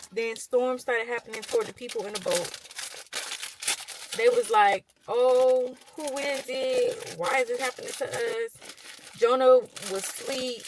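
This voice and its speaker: A woman's voice: fairly high pitch, slight background noise, low-quality recording. A young woman vlogger chatting as she retells a Bible story, with lots of fillers and slang.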